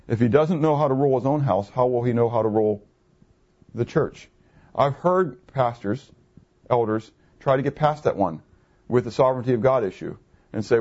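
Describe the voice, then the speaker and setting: A man's voice: mid-range voice, warm tone. A man in his fifties preaching a conversational sermon, asking his listeners questions and answering them himself. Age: 50s. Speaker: pastor. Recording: muffled, lo-fi recording.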